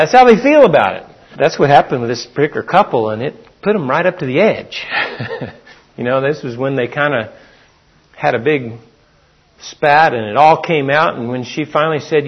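A man's voice: fairly high pitch, lively intonation, moderate pace, breathy edge, lo-fi sound. A man preaching a sermon in a folksy, storytelling way. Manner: folksy storytelling, acts out quotes.

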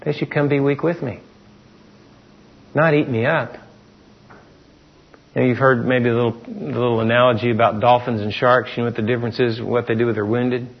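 A middle-aged pastor preaches a conversational sermon in a mid-range, slightly rough voice, steady in tone and a little quick. He pauses often, poses rhetorical questions to his listeners, and acts out what people say. The lo-fi recording sounds dull.

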